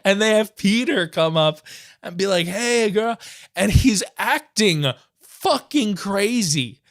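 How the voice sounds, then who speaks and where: A man co-hosting a podcast, excitedly retelling a movie in casual chat, laughing often. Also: sits high, slow pace. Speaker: podcast co-host. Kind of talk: casual film review chat.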